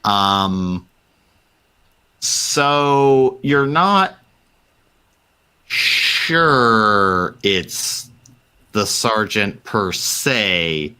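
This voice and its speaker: A man narrating a tabletop game as game master, slow and loose with many fillers. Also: low-pitched, bright, forceful tone.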